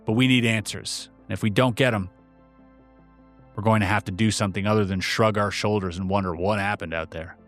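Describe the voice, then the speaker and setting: A man's voice: fairly low pitch, steady tone, fairly quick, fairly bright tone, faint music behind, close to an everyday voice. A man voicing a blunt, impatient intelligence agent in a read-aloud story. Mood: insistent.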